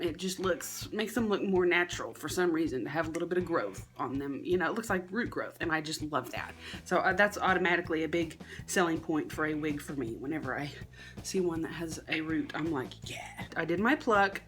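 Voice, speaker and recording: A young Southern woman talks her way through a home beauty tutorial, chatty and a bit rambling. Her voice sits at an ordinary middle pitch and sometimes drops to a quiet murmur. Faint music plays softly beneath her. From South Carolina. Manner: chatty, rambling, self-deprecating, drops into a low murmur at times. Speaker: wig and beauty vlogger. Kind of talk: casual tutorial chat.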